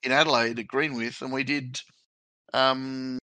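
A man's voice: mid-range voice, little pitch movement, a little slow, sharp tone, dry recording, rough recording. A man from Australia with an Australian accent, hosting a casual podcast in a plain, easygoing way. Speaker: podcast host.

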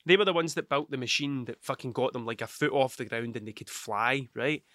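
A man's voice: mid-range voice, a little fast, fairly bright tone, no echo, studio quality. A man, a father, rambling through a casual solo podcast monologue, swearing often and losing his train of thought. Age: adult with children. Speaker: podcast host.

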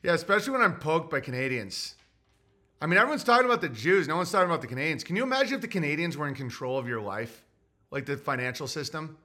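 A man's voice: a little high, bright, forceful tone. A man hosting a solo livestream, reading super chats in a grumpy, sarcastic ranting way.

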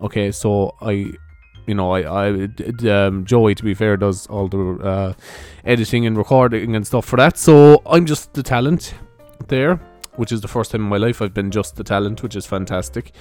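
A young Irish man rambles through his own podcast in a loose, unscripted way, dropping curses and chuckling at his own jokes. His voice sits on the low side, with faint music playing underneath. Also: moderate pace, darkish tone, no room sound. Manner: chatty, swears, laughs at own jokes. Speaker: podcast host. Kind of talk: casual rambling monologue.

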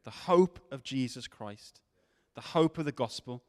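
A man preaching a sermon, swinging from loud questions to hushed tones. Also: medium pitch, expressive, measured pace. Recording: long hall reverb.

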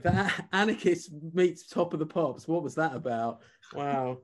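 A man with a fairly high voice who talks in a dry, sardonic way. He pokes fun at himself in loose conversation with other panelists. He is heard through a video-call setup. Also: expressive, measured pace. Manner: dry, sardonic, self-deprecating. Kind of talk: casual group chat.

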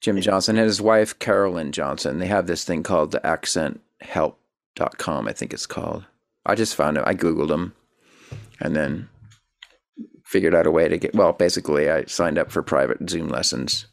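A man hosting a casual interview, chatty and eager, with quick asides. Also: deep voice, gravelly, no echo, studio quality. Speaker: interview host.

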